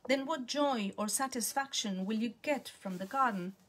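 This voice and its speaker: A woman's voice: on the high side, normal speed, fairly bright tone. A woman reading the part of Millicent, a bitter, scornful elderly woman who lectures her friend.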